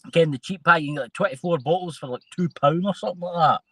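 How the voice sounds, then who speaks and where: A man's voice: on the high side, fast talker, a bit bright, poor audio. A man with a Scottish accent hosting a casual chat show, rambling and trailing off mid-sentence. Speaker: host.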